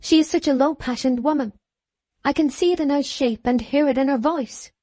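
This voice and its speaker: A woman's voice: high voice, normal speed, mellow, no echo, pitched above the performer's own voice, lightly acted. Woman voicing a plaintive, jealous young woman. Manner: plaintive, distraught. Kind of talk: audiobook character reading.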